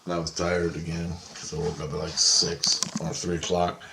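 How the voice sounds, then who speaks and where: A man's voice: low-pitched, level tone, moderate pace, vocal fry, very noisy. A man telling a long dream story in a casual, rambling monologue, swearing often and tossing in "right?" asides.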